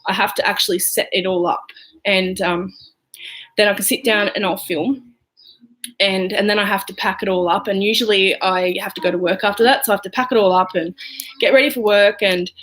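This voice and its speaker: A woman's voice: mid-range voice, fairly even intonation, a little fast, fairly bright tone, low-quality recording. A young woman with a broad Australian accent talks her way through her makeup on a casual livestream. She rambles and chats with viewers, with plenty of fillers along the way. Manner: chatty and rambling, with many fillers, answering viewers. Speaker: vlogger and hairdresser. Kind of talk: casual livestream chat while doing makeup. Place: home room.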